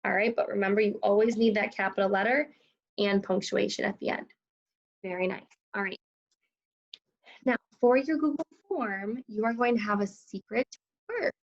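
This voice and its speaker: A woman teaching a recorded second grade phonics lesson, enunciating sounds slowly and clearly, praising and prompting her pupils. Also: mid-range voice, dull audio. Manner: slow, clearly enunciated, encouraging teacher talk.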